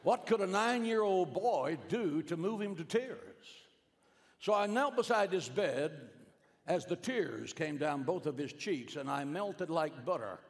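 Middle-aged male preacher, storytelling sermon, hushed-to-emphatic swings, slightly raised pitch, echoing in a big hall. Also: lively intonation, unhurried. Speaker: pastor. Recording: long hall reverb.

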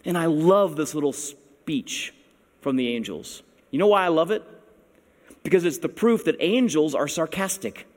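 Wry pastor in a reverberant hall. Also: male voice, on the high side, animated, moderate pace. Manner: conversational, wry, playful emphasis. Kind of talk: sermon.

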